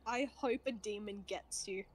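A woman's voice: mid-range voice, normal speed. A woman guest on a game stream, chatting casually in a teasing, sarcastic way.

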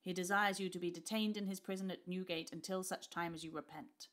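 A woman voicing an older, cruel male duke who speaks slowly and with sneering pleasure. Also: on the low side, fairly even intonation, fairly bright tone, lightly acted. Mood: gloating. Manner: slow, sneering, barking orders.

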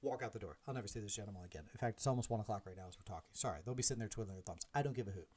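A man in his forties, a podcast host, telling a personal story in a casual, animated way, acting out the dialogue and making self-deprecating asides. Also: fairly low pitch, racing. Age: 40s.

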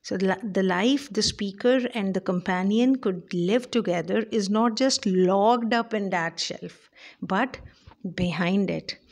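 A woman lectures on poetry at an unhurried pace. She talks deliberately, with frequent fillers and self-corrections. Her voice sits at a middling pitch. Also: vocal fry. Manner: slow, deliberate, with many fillers and restarts. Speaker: English literature lecturer.

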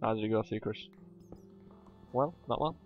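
A man's voice: fairly low pitch, normal speed. A man co-hosting a let's play, bantering casually and laughing often at his own jokes. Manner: jokey, laughs often, plays with silly voices. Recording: dull lo-fi sound with faint music.

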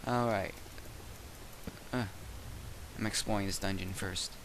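A teenage boy giving casual gameplay commentary at his computer, cursing and yelling in sudden frustrated outbursts. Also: sits low, steady tone, a little slow, slight background noise, rough recording. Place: bedroom at a computer.

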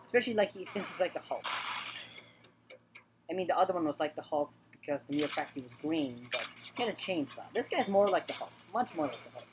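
Woman, gaming host, lowish voice, rambling let's-play chatter, noisy home recording. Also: lively intonation, a little fast. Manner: chatty, repeats words, talks to the game characters.

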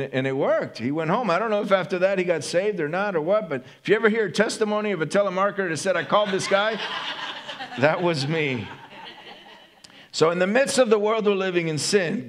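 A man preaching a sermon with a voice that sits a little higher than most men's. He talks to his listeners rather than at them, and he often tags his points with a quick "right?" His delivery stays easygoing and personal. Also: fairly bright tone. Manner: conversational, often asks "right?" of the congregation. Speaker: pastor.

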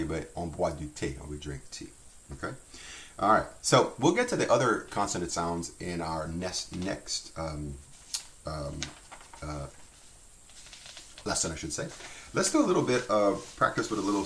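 Deep-voiced guy teaching french, easygoing, rambles with uh's and restarts. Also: moderate pace, a little hiss or hum. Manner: relaxed, chatty, with many fillers and restarts. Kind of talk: recorded language lesson.

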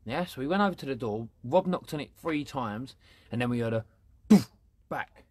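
A man with an Essex accent, a paranormal investigator talking casually and excitedly in a churchyard at night, swearing and slangy, recorded on a handheld camera. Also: medium pitch, moderate pace, dry recording. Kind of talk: casual ghost-hunting vlog.

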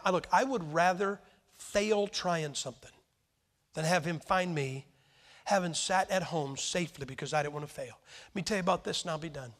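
An American man preaching a sermon, telling stories with lively emphasis and sudden swings between loud and quiet. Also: sits high. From United States. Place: church hall with a crowd. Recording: long reverb from a large hall.

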